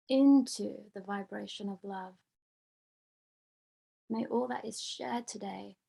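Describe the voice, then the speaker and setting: A woman hosting a group prayer call on a video meeting, speaking in slow, soothing, blessing-like phrases. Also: mid-range voice, gravelly, warm tone. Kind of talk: guided prayer and meditation.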